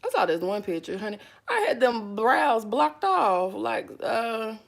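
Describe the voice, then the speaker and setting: Woman doing her makeup on camera, chatty and dramatic, kinda raspy voice, says honey a lot. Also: a little high, sing-song, unhurried. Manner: chatty, dramatic, calls viewers honey and y'all. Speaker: vlogger. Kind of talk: casual makeup vlog chat.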